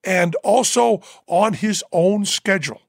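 A man with a gravelly, husky voice, pitched a bit high, spins a rambling anecdote full of fillers and laughter. The recording is close and dry. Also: a little slow, no echo. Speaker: podcast host. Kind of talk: casual storytelling. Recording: dry close studio mic.

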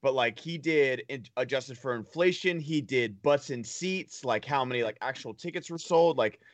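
A man's voice: medium pitch, normal speed, no echo. A young man co-hosting a casual podcast chat, loose and swearing often, laughing a lot. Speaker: podcast co-host.

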